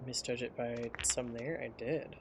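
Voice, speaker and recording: A man's voice: medium pitch, fairly even intonation, measured pace, background noise. A man streaming a game, chatting casually and thinking aloud as he plays. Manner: rambling, thinking aloud while playing. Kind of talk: casual live gameplay commentary.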